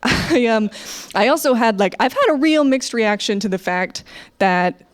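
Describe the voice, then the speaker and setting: A woman's voice: fairly high pitch, expressive, unhurried. A young American woman doing a stand-up comedy set over a webcam, chatty and self-deprecating, often laughing as she talks. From United States. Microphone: webcam, leaning in and out.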